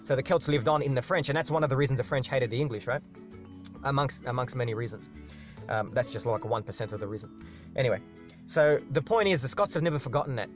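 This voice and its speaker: A man hosting a live question-and-answer stream, rambling through an explanation and tagging "right?" onto his sentences. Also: medium pitch. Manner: rambling, repeats "right?" as a tag, restarts words. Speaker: live Q&A host. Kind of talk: casual explanatory monologue.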